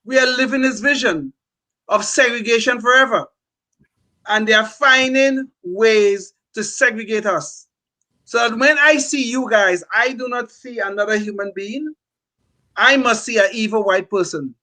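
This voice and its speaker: A man's voice: extremely high pitch, measured pace, sharp tone, rough recording. An older man talking as a podcast co-host, impassioned and emphatic, often repeating words as he builds a point. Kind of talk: opinionated political talk.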